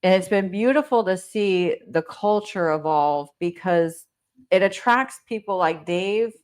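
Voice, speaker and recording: A woman's voice: lowish voice, lively intonation, unhurried, a little mellow, smooth. A woman with a New Jersey accent hosting a casual interview as a team coach, talking up her group with enthusiasm.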